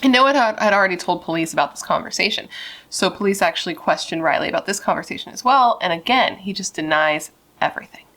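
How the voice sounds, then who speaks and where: A woman's voice: lowish voice, expressive, fast talker, bright, forceful tone. A young woman telling a true crime story in a casual, chatty way, swearing and saying "like" a lot.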